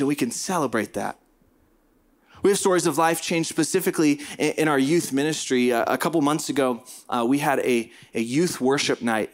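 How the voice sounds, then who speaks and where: A middle-aged male pastor preaching a sermon in an earnest, emphatic way, repeating phrases for stress. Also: medium pitch.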